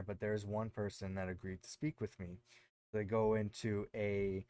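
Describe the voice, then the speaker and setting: A man's voice: fairly low pitch, little pitch movement, moderate pace, darkish tone, dry recording. A man co-hosting a podcast, casually recapping a show in a rambling way with lots of fillers. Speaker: podcast co-host.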